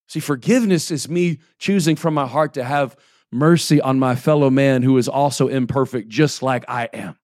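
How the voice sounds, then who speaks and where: A man's voice: on the high side, no room sound. Dry, conversational male pastor preaching. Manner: conversational preaching with frequent checks like "right?" and "okay?"; reads scripture aloud between plain-spoken asides. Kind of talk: sermon.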